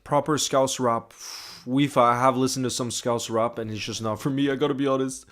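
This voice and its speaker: A man's voice: medium pitch, steady tone, fairly quick, fairly bright tone. A young man hosting a live stream, chatting casually and greeting viewers by name as he reads their comments. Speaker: livestream host.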